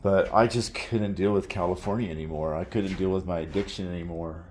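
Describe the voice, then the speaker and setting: A man's voice: low-pitched, fairly even intonation, fairly quick, darkish tone, slight background noise. A man earnestly telling his personal story in a casual, reflective way, often trailing off and restarting.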